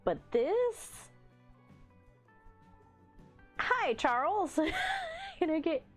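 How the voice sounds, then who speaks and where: Woman stream host, unhurried, teasing chat banter with lots of laughter, animated pitch, faint music underneath. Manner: laughs often, playful teasing reactions to chat. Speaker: livestream host. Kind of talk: casual chat reading live chat.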